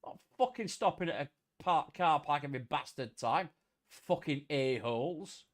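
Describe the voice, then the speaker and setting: Sweary man, lively high voice. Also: normal speed. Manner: sweary, mock-threatening banter and grumbling. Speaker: livestream host. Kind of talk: casual gaming stream chat.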